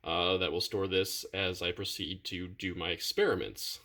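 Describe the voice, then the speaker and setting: A man's voice: low voice, steady tone, moderate pace, bright, forceful tone. A man chatting casually through a home cooking experiment, laid-back and self-deprecating, with plenty of ums and uhs. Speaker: cooking vlogger. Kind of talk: casual vlog chat. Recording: echoey room, mic some distance away.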